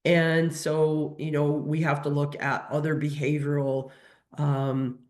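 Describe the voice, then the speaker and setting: A woman's voice: low-pitched, flat delivery, slow, darkish tone. A woman who works as a veterinary nutrition technician, answering audience questions in a webinar, hesitant with many fillers and restarts.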